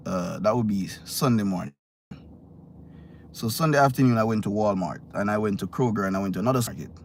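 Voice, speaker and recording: Man, lowish voice, halting storyteller vlogging from a parked car, faint background hum. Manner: halting, repeats words and restarts. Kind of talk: casual storytelling to camera.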